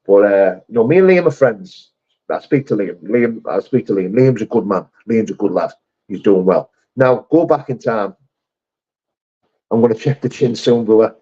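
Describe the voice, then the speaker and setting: A man's voice: fairly low pitch, expressive, moderate pace, dark tone, slightly rough, dull audio. A middle-aged man, chatting on a livestream and answering viewer comments bluntly, calling everyone mate and brother. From England. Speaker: livestream host reading chat. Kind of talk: casual live chat.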